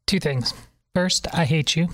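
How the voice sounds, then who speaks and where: Female co-host, dry and mocking, slightly low voice. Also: unhurried, very noisy. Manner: wry, mocking. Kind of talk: opinionated podcast commentary.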